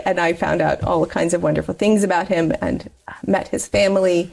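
A woman's voice: fairly low pitch, moderate pace, gravelly. A woman in her forties telling her life story in an interview, chatty and candid, laughing often as she talks. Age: 40s. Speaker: interview guest. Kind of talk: personal life story in conversation.

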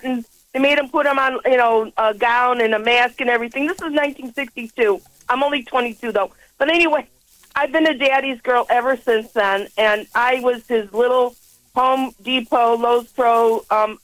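A woman in her sixties calls in to a radio show over a phone line. Her voice sits a little high, and she talks effusively and fervently, rambling on and laughing often. The sound is dry, with no room in it. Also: no echo. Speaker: caller.

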